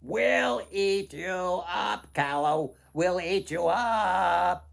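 A man's voice: expressive, very slow, vocal fry, fairly bright tone, full character voice. A man voicing a gang of hideous goblins that shriek and chant their words over and over. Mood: menacing. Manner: shrill, chanting, repeating words.

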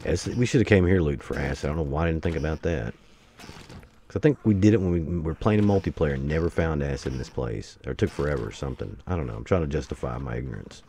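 Low gravelly gamer with wild outbursts. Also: male voice, quick pace, a little hiss or hum. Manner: excitable, talks to the enemies, sudden outbursts. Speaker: gameplay streamer. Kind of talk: let's play commentary.

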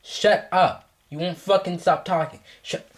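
A man's voice: high-pitched, fairly even intonation, unhurried. A male vlogger in a comedic scolding skit, swearing heavily and repeating mock threats and taunts.

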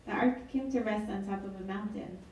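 A woman's voice: mid-range voice, a little fast, dark tone, recorded from a distance, dull audio, slight background noise. A woman author reading her book aloud at an event, with wry, chatty asides. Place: event hall. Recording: echoey hall, mic from afar.

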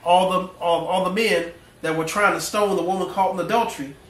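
Echoey, animated preaching man, heard from afar. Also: sits high, a little fast. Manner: folksy, animated preaching with slang and call-and-response. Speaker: pastor. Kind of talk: sermon. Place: church sanctuary. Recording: echoey church room, mic at a distance.

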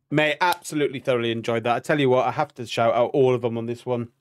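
A man's voice: mid-range voice, fairly even intonation, brisk. A man co-hosting a reaction video, talking casually in a rambling, admiring way, full of "like" and "sort of". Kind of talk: casual chat.

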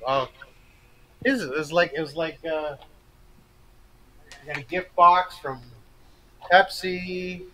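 Bright-voiced male stream host. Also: a little high, steady tone, takes it slowly, long pauses, rough recording. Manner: friendly, laughs often, trails off. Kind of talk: casual chat.

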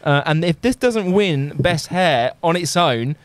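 A man's voice: a little high, animated, a little slow, clean tone, no room sound. A man chatting on a podcast, amused and laughing often. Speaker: podcast host. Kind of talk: podcast chat.

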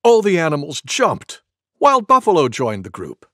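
A man reading a children's animal story aloud, playful and animated. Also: fairly high pitch, normal speed, no room sound. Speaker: storybook narrator.

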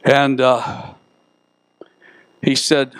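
A man's voice: mid-range voice, monotone, drawn-out words, fairly bright tone, smooth, dry recording. A middle-aged man preaching a sermon in a church, folksy and joking as he tells stories. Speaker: pastor. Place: church sanctuary.

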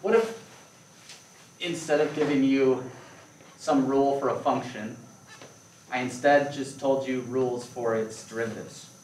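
A man's voice: medium pitch, unhurried, long pauses, a little mellow, slight background noise. A man teaching a calculus class, explaining ideas playfully and checking in with questions. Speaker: math lecturer. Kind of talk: classroom lecture. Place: lecture room. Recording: echoey lecture room, distant mic.

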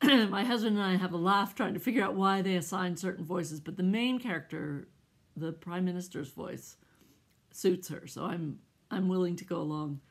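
A middle-aged American woman chatting casually to camera about her stitching, husky and congested from allergies, laughing often between asides. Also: lowish voice, moderate pace. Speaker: cross-stitch vlogger. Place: at home, indoors.

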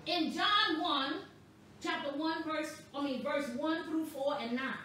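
A woman pastor delivering a sermon, with slow, emphatic preaching that stresses words boldly. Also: sits high, bright, forceful tone, a little hiss or hum. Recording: echoey room, voice from a distance.

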